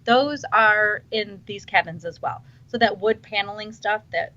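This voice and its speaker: Woman, chatty podcast guest, enthusiastic, frequent restarts, medium pitch, dull lo-fi sound. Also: a little slow, sharp tone. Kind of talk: casual podcast chat.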